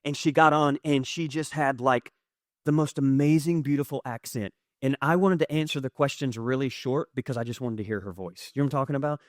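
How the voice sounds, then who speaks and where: A man preaching a conversational sermon, candid and animated, telling stories with quick asides to his congregation. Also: medium pitch, no echo, clean studio sound. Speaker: pastor. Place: church auditorium.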